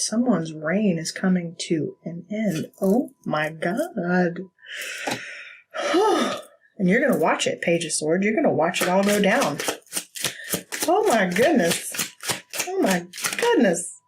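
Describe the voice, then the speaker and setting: A woman's voice: on the low side, expressive, a little slow, a little hiss or hum, low-quality recording. A woman giving a casual tarot reading, blunt and profane, laughing often. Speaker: tarot reader.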